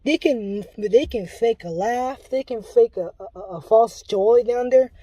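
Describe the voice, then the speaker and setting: A woman's voice: a little high, measured pace, mellow, slightly rough, no echo, highs cut off. A woman giving an impassioned religious warning, pleading and urgent, often restarting her sentences.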